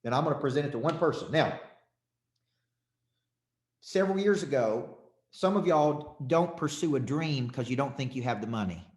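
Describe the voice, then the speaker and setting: A male motivational coach addresses a live audience at a mid-range pitch. His delivery is punchy and repetitive, full of questions thrown at the room. The sound carries a roomy echo. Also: lively intonation, normal speed, long pauses. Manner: punchy, repetitive, calls on the crowd.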